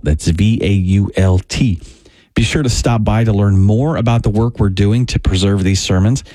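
A man hosting a program, reading a scripted outro in a lively, friendly way. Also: fairly low pitch, no room sound. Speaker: program host.

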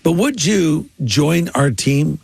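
A man's voice: a little high, very animated, slow pace, creaky, a little mellow, husky, dry recording. A man, a pastor, preaching and making a conversational appeal on a radio program.

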